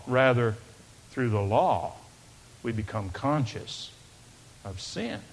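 A male pastor preaching a sermon, swinging from loud emphatic declarations down to hushed, quiet asides. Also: fairly low pitch, expressive, unhurried, slightly rough.

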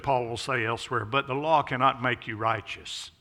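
A man preaching a sermon as pastor of a church, emphatic, swelling loud on key phrases and dropping low on others. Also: a little fast, hardly any pauses, big-room sound. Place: church sanctuary.

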